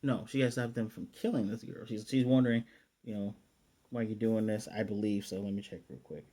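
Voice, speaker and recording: A man's voice: fairly low pitch, steady tone, fairly quick, dark tone. A man casually recapping an anime episode, retelling scenes in paraphrased dialogue with chatty, self-correcting asides. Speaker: anime reviewer.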